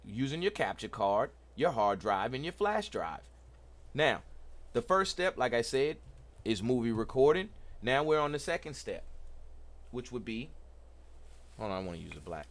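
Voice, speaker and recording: A middle-aged man hosts a casual livestream tech talk. He is excited and preachy, repeats himself and talks to the chat. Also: medium pitch, moderate pace, pauses often. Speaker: host.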